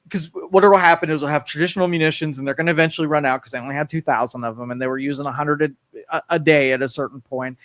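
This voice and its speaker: A man co-hosting a local talk radio show in casual political talk, animated, acting out quoted voices and restarting often. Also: fairly high pitch, dry recording. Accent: Northeast Ohio. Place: radio studio.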